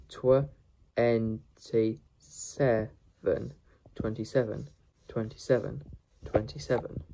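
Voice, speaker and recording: A man repeating numbers over and over in a slow pronunciation drill, sometimes breaking them into single sounds. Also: lowish voice, gravelly, mellow, a little hiss or hum, rough recording. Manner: repeats each number many times, splitting it into sounds. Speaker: pronunciation teacher.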